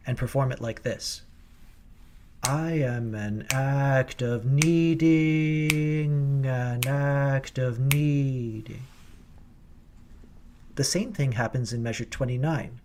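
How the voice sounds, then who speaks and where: A man's voice: medium pitch, a little mellow, breathy edge. A man coaching choir singers in a recorded rehearsal lesson, explaining diction precisely and patiently.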